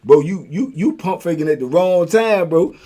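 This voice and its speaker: Husky older man telling prison stories. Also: a little high, moderate pace. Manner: animated, acts out voices of others in his story. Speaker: storyteller host. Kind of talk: casual prison storytelling.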